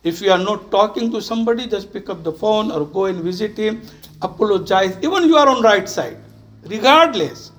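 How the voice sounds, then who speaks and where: A man with a notably high-pitched voice preaches an earnest sermon. He exhorts his listeners and drives points home by repeating phrases. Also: expressive, brisk, a bit bright. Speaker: imam.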